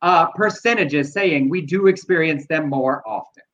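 A man's voice: fairly high pitch, moderate pace, fairly bright tone, highs cut off, slight background noise. A man co-hosting a talk show, reading out listener comments and chatting frankly with some swearing. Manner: frank and profane, reads out quotes. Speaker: co-host.

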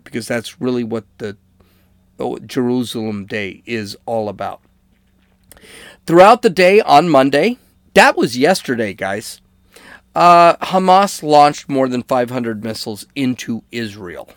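A man's voice: medium pitch, smooth, no echo. A man giving casual spoken commentary on current events, conversational, checking in with listeners with "okay?" and correcting himself as he goes. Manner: conversational, fillers and restarts, asks "okay?" to listeners. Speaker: political commentator.

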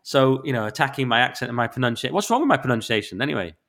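A man with a Northern English accent talks in his middle register, ranting about listener reviews. He is exasperated and sweary, and his voice leaps up in sudden loud spikes. He is getting over the flu, yet he keeps the casual back-and-forth of a podcast chat. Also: mid-range voice, sing-song, very fast, gravelly. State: recovering from flu. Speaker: podcast co-host.

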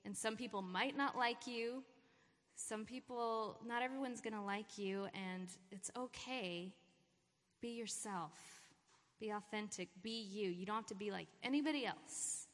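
A woman's voice: medium pitch, measured pace. A woman giving an informal, encouraging sermon talk at a church gathering. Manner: encouraging, warm pep talk with laughter. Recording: long hall reverb.

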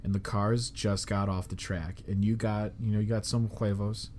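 A man's voice: fairly low pitch, flat delivery, normal speed, a little mellow, a little hiss or hum. A young man from the Chicago area hosting a podcast, telling a story in a rambling, casual way full of fillers. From Chicago area, United States. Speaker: podcast host.

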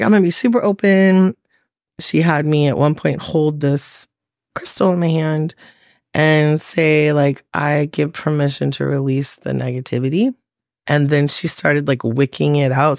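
A woman's voice: low voice, gravelly, no echo, studio quality. A woman talking casually as a guest and telling stories with lots of "like" fillers. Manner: chatty, many "like" fillers, animated storytelling. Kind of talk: casual conversation.

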